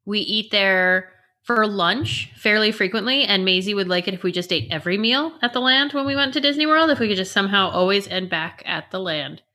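Bright-voiced chatty woman in her forties. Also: mid-range voice, lively intonation, brisk. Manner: chatty storyteller who acts out family quotes. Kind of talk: casual chat.

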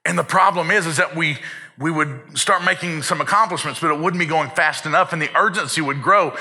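Male pastor, earnest sermon delivery, slightly high and very bright, tense tone. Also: brisk. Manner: earnest, builds urgency, repeats words when fired up. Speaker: preacher.

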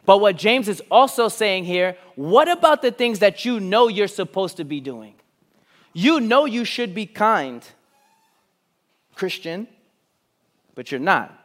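A man with a notably high voice delivers a sermon in an auditorium. He dips into soft, almost whispered phrases, then climbs into loud, insistent bursts of emphasis. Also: animated, slow pace, pauses often. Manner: swings from hushed, near-whispered lines to loud, emphatic rising runs. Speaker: pastor.

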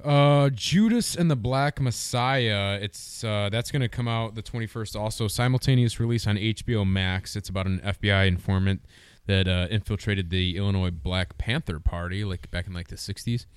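A man's voice: fairly low pitch, normal speed, smooth, dry recording. A man co-hosting a podcast, telling a story in loose, profane casual chat and laughing often. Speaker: podcast co-host.

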